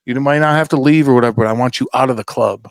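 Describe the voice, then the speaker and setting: A man's voice: medium pitch, very fast, no room sound, studio quality. A man hosting a podcast, telling rambling, profane stories in casual chat and acting out the people he quotes. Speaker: podcast host.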